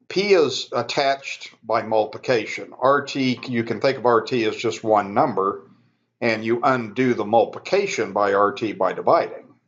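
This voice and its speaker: A man teaching a math lesson, talking students through each step in a relaxed, conversational way and correcting himself as he goes. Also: mid-range voice, muffled recording. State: yawning, sleepy. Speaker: math instructor. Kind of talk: recorded math lecture.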